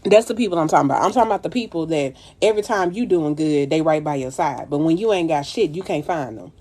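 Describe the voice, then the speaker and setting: A woman's voice: deep voice, expressive, quick pace, dark tone. A woman streaming live and giving her followers a blunt, profane, preachy pep talk. She calls her listeners baby and child. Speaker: makeup artist livestreaming.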